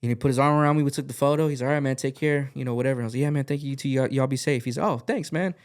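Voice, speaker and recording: A man's voice: medium pitch, rapid-fire. A man, a podcast guest and music artist, telling a rambling story in a casual chat, full of fillers and swearing, acting out the lines he quotes.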